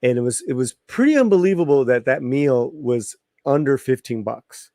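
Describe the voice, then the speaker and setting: A man's voice: mid-range voice, big pitch swings, brisk, mellow, no room sound, clean studio sound. A man hosting a live-streamed talk show, chatty, laughing easily and repeating his phrases. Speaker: host.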